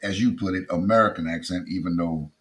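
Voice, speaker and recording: Middle-aged male comic, South Louisiana Creole accent, low-pitched, easygoing storyteller who trails off. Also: fast, a bit bright, low-quality recording. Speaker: comedian guest. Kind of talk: casual interview.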